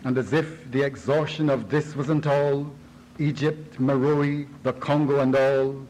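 A man reading poetry in a slow, rhythmic, chanting delivery. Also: mid-range voice, fairly even intonation, a little mellow, slight background noise, poor audio.

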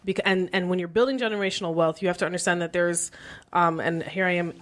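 A woman from Canada talking casually about money on a podcast, emphatic and animated, with slang. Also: lowish voice, fast talker. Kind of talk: casual chat.

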